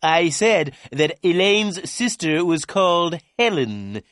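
A man's voice: medium pitch, animated, normal speed, no room sound, studio quality, voice pushed up, natural voice. A man voicing a polite receptionist and her boss answering the phone in an office.

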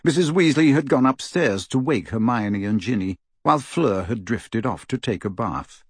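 A man narrates a storybook with an expressive, lively telling that rises and falls a great deal. His voice is husky rather than smooth. The recording is dry and close, with no room echo. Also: medium pitch, normal speed. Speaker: audiobook reader.

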